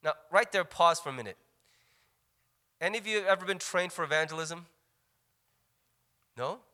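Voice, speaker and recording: A man preaching a sermon in an animated way, with joking asides to the congregation. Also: sits high, normal speed, big-room sound.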